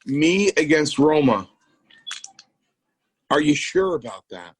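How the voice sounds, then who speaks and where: A man's voice: on the high side, big pitch swings, slow, breathy edge, no echo, poor audio. A man co-hosting a podcast, a former wrestler telling rambling stories with restarts and quoted dialogue. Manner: rambling anecdotes with restarts, quoting others. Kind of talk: casual storytelling.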